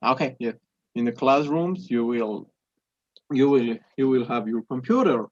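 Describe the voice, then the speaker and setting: A man's voice: medium pitch, animated, measured pace, dry recording. Casting: young man, native Spanish speaker, hesitant learner English full of restarts, dry close sound, dull lo-fi call audio. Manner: hesitant, many restarts and fillers. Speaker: English student. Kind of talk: conversation practice.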